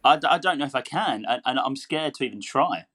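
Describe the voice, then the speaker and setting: A man's voice: medium pitch, animated, fairly quick, fairly bright tone. A man talking as a podcast guest, telling stories animatedly and laughing easily. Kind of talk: casual interview chat.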